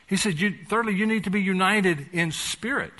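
Folksy pastor, bright voice. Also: male voice, sits high, normal speed. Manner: conversational preaching with folksy humor, rising to fervent emphasis. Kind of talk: sermon.

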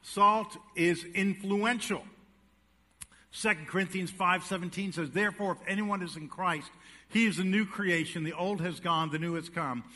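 A man's voice: sits high, moderate pace, sharp tone, in a large hall. A male pastor preaching a sermon to his church, emphatic and folksy, asking the congregation questions. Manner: folksy joke-telling, then emphatic preaching with audience questions. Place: church sanctuary.

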